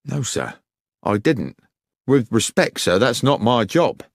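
A man's voice: very animated, slow, creaky, dry recording, clean studio sound, heavily acted. A man voicing a weary, defensive male railway guard in an audiobook, respectful but protesting. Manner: respectful, protesting, raised pitch.

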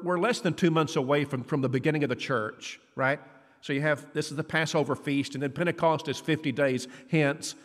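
A man delivering a conversational sermon as preacher, acting out quoted dialogue with lively shifts in voice. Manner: conversational, acts out quoted dialogue with rising pitch. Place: church hall. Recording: long church reverb.

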